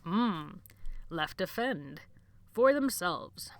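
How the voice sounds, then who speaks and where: A woman voicing a frail, gentle old male librarian who speaks slowly and haltingly in a hoarse near-whisper. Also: on the low side, expressive, exaggerated voice. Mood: mild. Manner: slow, halting, dreamy speech.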